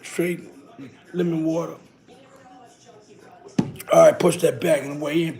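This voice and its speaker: A hoarse, sick man chatting casually and slangily on a phone live stream, tagging his lines with "you heard?". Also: fairly high pitch, steady tone, takes it slowly, pauses often, a little mellow, soft background music.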